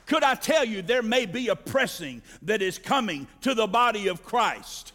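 A man with a very high voice delivers a fiery sermon, rising into shouted peaks and calling on the congregation to answer back. His voice rings through a reverberant church hall. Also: sing-song, moderate pace. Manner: preaching with shouted climaxes and call-and-response. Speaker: pastor.

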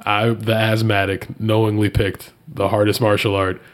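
A man in a casual chat, telling a story and voicing the people in it, leaping up in pitch when he quotes them. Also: normal speed. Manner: animated, jumps high when quoting people.

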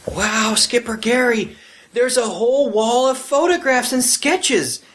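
A woman's voice: a little high, a little slow, a bit bright. A woman voicing a naive, cheerful sidekick in a comedy audio drama, earnest and chirpy.

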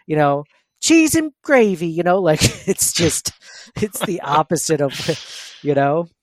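Animated, laughing man hosting a podcast. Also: fairly high pitch, measured pace. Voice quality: says he has an annoying voice. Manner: animated, laughing, rambling with many fillers. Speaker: podcast host. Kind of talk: casual sports podcast chat.

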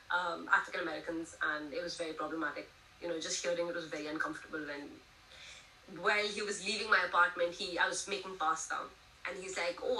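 Woman in her 20s, interview guest, animated chatty storytelling, echoey room, distant mic. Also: lowish voice, a little hiss or hum. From India. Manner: animated storytelling, frequent "you know" and "like". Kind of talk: casual conversational interview.

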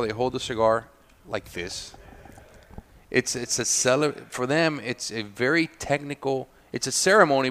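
A man chats as a podcast guest, telling lively stories and getting loud and laughing when he imitates people. His voice is bright and forward, with a gravelly fry running under it. He sounds relaxed, as if sitting on a studio couch. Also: mid-range voice. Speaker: guest, cigar maker. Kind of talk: casual storytelling chat.

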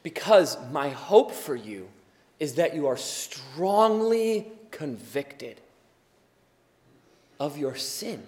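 A tired man preaching as a pastor, earnest and swinging from quiet to loud emphasis. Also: on the high side, sing-song, extremely slow, long pauses, in a large hall. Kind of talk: sermon.

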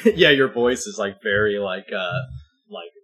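A man's voice: on the low side, big pitch swings, measured pace, pushed and bright, husky. A man co-hosting a comedy chat, joking sarcastically with lots of fillers.

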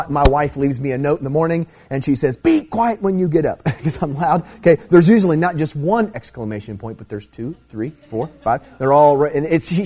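A man's voice: a little high, warm tone. A middle-aged man preaching a sermon, teaching emphatically and checking in with "okay?" as he goes. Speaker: pastor.

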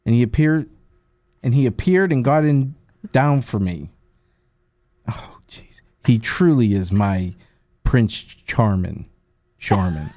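A man's voice: mid-range voice, lively intonation, measured pace, pauses often, warm tone, dry recording. A man co-hosting a radio show, telling jokes in casual banter with a dry, self-deprecating delivery. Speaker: radio co-host.

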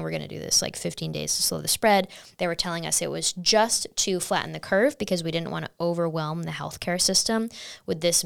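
A woman's voice: on the low side, vocal fry, clear, resonant tone, dry recording. Fired-up woman ranting on a podcast. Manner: animated, sarcastic, rising to exasperated outbursts. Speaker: podcast host. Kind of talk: opinion commentary monologue.

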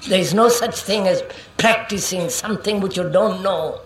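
A woman's voice: mid-range voice, moderate pace, slight background noise. A woman giving a reflective public talk, asking questions and often checking whether listeners follow, calling them sir. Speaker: public speaker.

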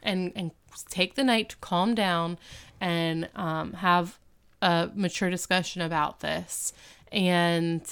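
A woman's voice: on the low side, steady tone, slow, a bit bright, smooth. A woman in her thirties co-hosting a podcast, recapping a show in a chatty way with lots of fillers and restarts. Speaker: podcast co-host. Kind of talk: casual recap chat.

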